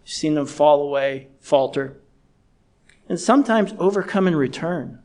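A middle-aged man delivers a sermon with an earnest, measured manner. His voice sits a little higher than most men's, and he slows down to press key points home. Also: animated, a little mellow. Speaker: preacher.

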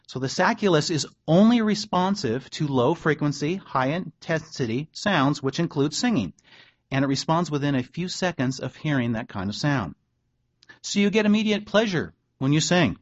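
A pastor delivers a sermon in an easy, talky way, reading passages aloud and dropping dry little asides. His voice sits a bit high for a man, and the recording is dull and lo-fi. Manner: conversational preaching, reads quotes aloud, wry asides.

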